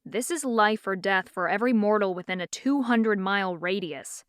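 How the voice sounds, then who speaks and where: A woman narrator voicing a condescending, stern young man who hunts demons, speaking low and curt in an audiobook. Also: moderate pace, a bit bright, smooth, dry recording, studio quality, natural voice. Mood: scornful. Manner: curt, scornful.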